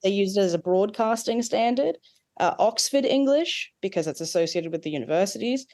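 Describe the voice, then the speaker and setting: A woman's voice: medium pitch, expressive, a little fast, dark tone. A woman with an Australian accent, a dialect coach, explaining at length with asides and examples in an interview. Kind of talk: expert interview.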